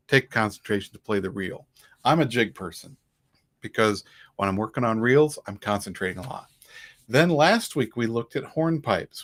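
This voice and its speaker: A man hosting a casual live-stream dulcimer lesson, chatty and relaxed, counting beats and chanting rhythm syllables aloud. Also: lowish voice. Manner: relaxed, chatty, with small restarts. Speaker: dulcimer teacher and host.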